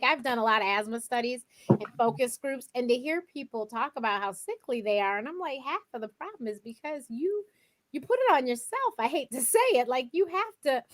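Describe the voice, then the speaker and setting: Guest author, young woman, bright higher pitch, lively anecdotal delivery. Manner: animated storyteller, acts out quotes. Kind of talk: casual interview chat.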